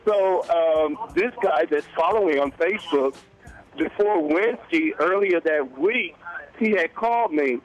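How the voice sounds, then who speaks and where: A man in his fifties, a guest on a morning talk show, telling a story in an animated way and acting out the voices of the people in it. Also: on the high side, moderate pace, faint music behind, low-quality recording. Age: 50s. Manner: animated, acts out quoted dialogue. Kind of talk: casual interview storytelling.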